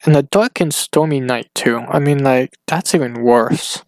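A man talking alone on his podcast in a rambling, casual way, halting often and restarting his sentences. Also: medium pitch, dry recording. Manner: hesitant, halting, full of restarts and fillers. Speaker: solo podcaster. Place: at home.

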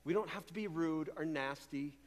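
A man with a fairly high voice preaching a sermon to his congregation. He talks in an animated, conversational way and often stumbles over repeated words. The long reverb of a large church hall trails behind him. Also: moderate pace. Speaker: pastor.

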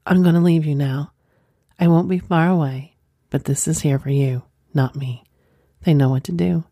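A calm, commanding lover with a soft, reassuring way of speaking, read by a woman. The voice sits low and mellow. It is recorded dry and close, like a storybook audio. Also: moderate pace, no echo.

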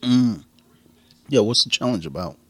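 A man's voice: fairly low pitch, lively intonation, moderate pace, fairly bright tone. An American man co-hosting a casual podcast chat, joking, swearing and acting out quotes, laughing often. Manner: jokey, profane, acts out quotes, laughs often. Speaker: podcast co-host.

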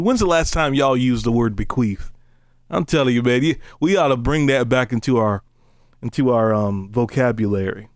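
A man preaching a casual, conversational sermon, joking between slow, emphatic scripture readings. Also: medium pitch, no echo, clean studio sound.

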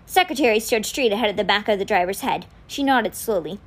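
A woman's voice: medium pitch, brisk. A woman reading a novel aloud for a podcast, telling the story expressively. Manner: expressive storytelling with quoted lines read in. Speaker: podcast book reader.

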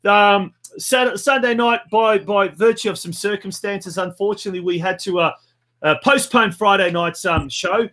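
A man's voice: sits high, moderate pace, fairly bright tone. A man hosting a football show in a chatty manner, full of fillers and restarts. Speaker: host.

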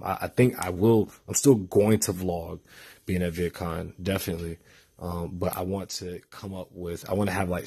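Young man, tired, casual vlog talk, rambling restarts, deep voice, monotone. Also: breathy edge. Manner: rambling and hesitant, with many restarts and fillers. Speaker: vlogger.

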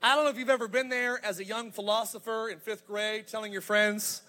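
A man in his thirties preaching a sermon as pastor, energetic and humorous, building to emphatic points. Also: high voice, fairly quick, hardly any pauses. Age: 30s.

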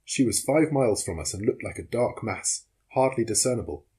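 Husky low-voiced male audiobook narrator. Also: lively intonation, brisk, a little mellow. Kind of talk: audiobook reading of a classic novel.

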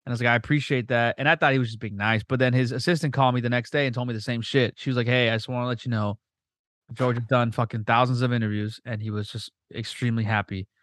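A man's voice: medium pitch, no echo, clean studio sound. A man hosting a podcast, chatting casually with a guest, swearing freely and acting out quotes as he tells stories. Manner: profane, animated, quick storytelling with voiced quotes. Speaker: podcast host. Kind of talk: casual chat.

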